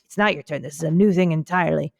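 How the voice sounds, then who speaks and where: A woman voicing a grumpy, contrary talking shoe in a lowered, sullen voice. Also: rapid-fire, creaky, no room sound, clean studio sound.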